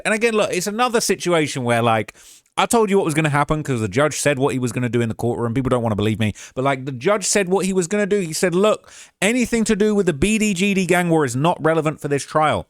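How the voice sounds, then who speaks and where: A man's voice: mid-range voice, dry recording, studio quality. A man giving casual commentary on a court case, talking emphatically and checking in with the listener often. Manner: emphatic and conversational, with frequent "all right?" asides.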